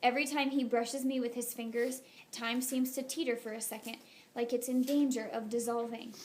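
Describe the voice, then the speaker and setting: A woman reads a first-person novel aloud in a soft, intimate, unhurried voice that sits fairly high. A faint hiss lies under the recording. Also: fairly even intonation. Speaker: audiobook narrator. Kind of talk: first-person audiobook narration.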